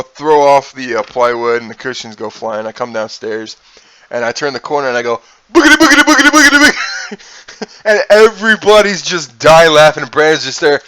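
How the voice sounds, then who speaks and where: Animated young man telling a wild story. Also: medium pitch, clean tone, dry recording, rough recording. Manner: animated, profane, laughing at his own tale. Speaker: streamer. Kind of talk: casual storytelling.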